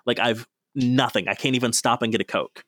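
A man's voice: mid-range voice, steady tone, brisk, fairly bright tone, no room sound, clean studio sound. A man co-hosting a casual podcast, rambling through stories and laughing mid-sentence. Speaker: podcast co-host. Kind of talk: casual chat.

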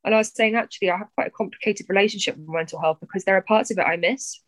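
A young woman, a poet talking candidly as a podcast guest, animated, swearing freely and often pausing on fillers. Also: mid-range voice, dry recording, poor audio. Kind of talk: candid conversational chat.

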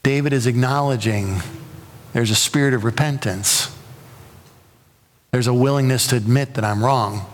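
A man's voice: medium pitch, normal speed, pauses often. A pastor preaching a sermon, earnest and building to impassioned emphasis, often repeating words as he presses a point. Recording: long reverb of a large hall.

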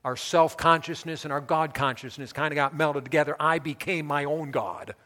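A man preaching a sermon as pastor, emphatic, building his repeated lists up to loud peaks. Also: a little high, moderate pace, big-room sound.

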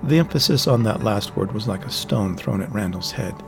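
A man giving steady, measured scripted narration of a fantasy novel. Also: fairly low pitch, gravelly, over music. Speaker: audiobook narrator.

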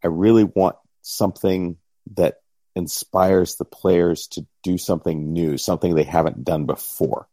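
A middle-aged man with a low, mellow voice talks casually on a podcast. His delivery is easygoing with a dry wit, and the close mic leaves the sound dry and free of room echo. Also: steady tone, a little slow. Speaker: podcast co-host and game master.

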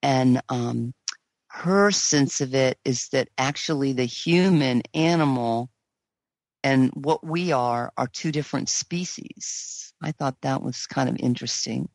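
A woman's voice: rumbling low, a little slow, darkish tone, no room sound, rough recording. Earnest woman guest on spiritual matters. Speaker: interview guest, researcher. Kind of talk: casual interview chat.

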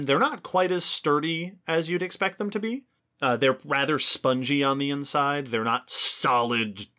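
A man co-hosts an educational podcast, explaining with lively enthusiasm. His voice is bright and forward. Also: medium pitch. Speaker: podcast co-host. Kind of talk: educational casual chat.

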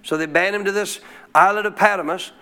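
A man's voice: high-pitched, fairly even intonation, a little fast, sharp tone, clean tone. A man preaching a sermon as pastor, who keeps calling out questions to the congregation. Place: church.

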